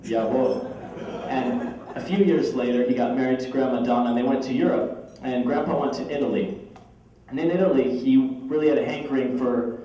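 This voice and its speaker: A man's voice: medium pitch, a little fast, mellow, highs cut off. A man, a grandson, giving a humorous birthday speech full of playful family anecdotes. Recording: echoey hall from far off, crowd noise.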